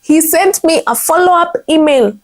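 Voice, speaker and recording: A woman's voice: extremely high pitch, animated, moderate pace. A young woman from Kenya with a Kenyan accent, giving an earnest motivational vlog talk and often restarting her sentences. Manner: earnest, self-correcting restarts, frequent "like". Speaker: content strategist.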